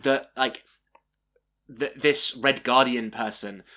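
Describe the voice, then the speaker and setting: A man's voice: medium pitch, steady tone, slow pace, pushed and bright. A young man co-hosting a podcast, rambling through ideas with lots of fillers. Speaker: podcast co-host. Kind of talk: casual comedic chat.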